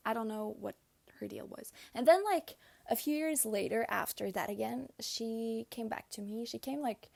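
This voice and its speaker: A woman's voice: on the high side, vocal fry, a little mellow, no echo. A young woman hosting a casual podcast while doing her makeup, telling stories in a confiding way and often dropping to a whisper. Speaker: podcast host. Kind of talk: casual storytelling chat.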